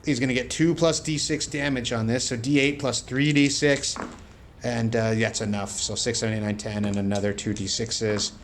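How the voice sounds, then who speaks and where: A man narrating a solo tabletop game, rolling dice aloud and breaking into shouted play-by-play. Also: mid-range voice, fairly even intonation, moderate pace, a little hiss or hum.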